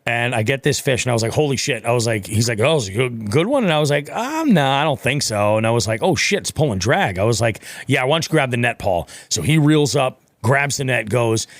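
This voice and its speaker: A man's voice: medium pitch, animated, brisk, few pauses, no room sound, clean studio sound. A man co-hosting a podcast, telling a story in casual, profane chat and acting out his own quotes. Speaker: podcast co-host.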